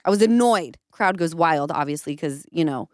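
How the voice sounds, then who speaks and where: A woman in her thirties hosting a casual podcast, telling stories in an animated way and acting out what others said. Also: low-pitched, moderate pace, dry recording, clean studio sound. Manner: animated storytelling, acts out quotes. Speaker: podcast host.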